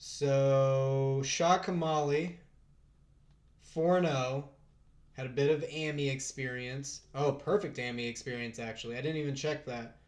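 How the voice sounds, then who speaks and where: A man hosting a casual live fight stream, chatting with his viewers, thinking out loud and laughing often. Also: medium pitch, fairly even intonation, measured pace.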